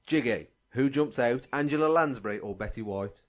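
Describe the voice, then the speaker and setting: A man with an average-pitched voice hosts a comedy podcast. He briskly sets up rounds of a silly game and teases his co-hosts. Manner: brisk, playful game-show prompting. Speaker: podcast host running a game. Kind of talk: casual comedy chat.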